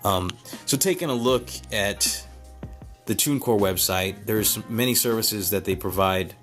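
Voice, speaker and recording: A man's voice: on the low side, measured pace, a bit bright, faint music behind. A man vlogging in a casual, earnest way, thinking aloud with many fillers and restarts. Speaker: vlogger, beat maker.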